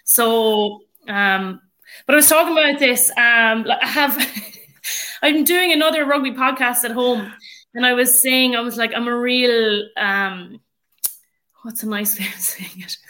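An Irish woman with a bright, forceful voice sitting in on a podcast as a guest. She talks in a loose, chatty way, full of fillers, sitting a touch high in her pitch. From Ireland. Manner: chatty, many fillers, laughs often. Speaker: guest, rugby player and coach. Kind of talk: casual podcast chat.

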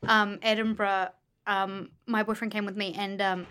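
A woman's voice: mid-range voice, normal speed, clean tone. A woman co-hosting a casual book chat, telling stories with lots of laughter. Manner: laughing, animated storyteller. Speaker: podcast co-host.

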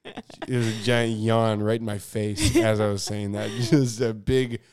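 A man co-hosting a podcast in casual chat, teasing his partner playfully and jumping up in pitch to exaggerate. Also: fairly even intonation, measured pace, darkish tone, smooth. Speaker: podcast co-host.

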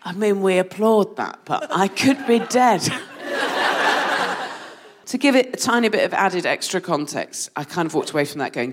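A woman's voice: deep voice, a little fast, a little hiss or hum. A woman co-hosting a comedy show, telling a story live and laughing through it. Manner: animated, laughing through the anecdote. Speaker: podcast co-host.

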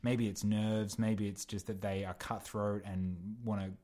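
The young actor's voice here is fairly low and dark, with a level tone and a measured pace. Guesting on a podcast, he chats casually and drifts from thought to thought with many fillers and restarts.

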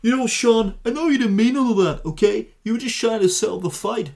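A man doing an impression of an elderly male rock star, soft and reassuring in a folksy way. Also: very high voice, brisk, creaky, pitched above the performer's own voice. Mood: soothing.

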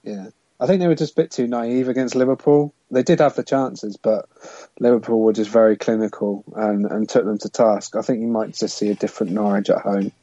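A man with a mellow, warm tone speaks in a measured, understated way about football. His voice is recorded dry and close, and the sound is dull and lo-fi. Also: lowish voice, steady tone, dry recording. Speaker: podcast co-host. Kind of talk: casual football podcast chat.

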